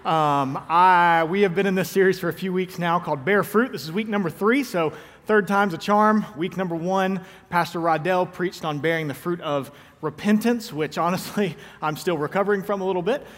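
A man in his thirties with a high-pitched voice preaches to his congregation in a loose, conversational way, full of self-mocking jokes. His words ring out with a long reverb from a large church hall. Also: normal speed, fairly bright tone. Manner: joking, self-deprecating storyteller. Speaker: pastor. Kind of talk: conversational sermon. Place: church sanctuary.

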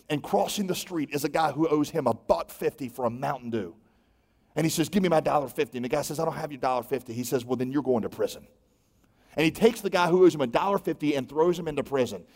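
A man in his thirties preaching a sermon, telling stories with lively acted-out dialogue. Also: fairly high pitch. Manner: animated storytelling with acted-out dialogue. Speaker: pastor. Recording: long hall reverb.

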